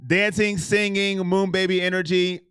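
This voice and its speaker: A man hosting a sports livestream, chatting excitedly and directly with his viewers. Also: sits high, normal speed, clean tone, dry recording, studio quality. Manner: excitable, talks straight to chat. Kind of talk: casual live-stream chat with viewers.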